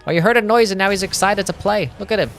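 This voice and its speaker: A man's voice: high voice, fast, vocal fry, fairly bright tone, faint music behind. Chatty young Australian man streaming. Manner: chatty, reads chat aloud and answers it. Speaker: game streamer. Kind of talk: casual live-stream chat.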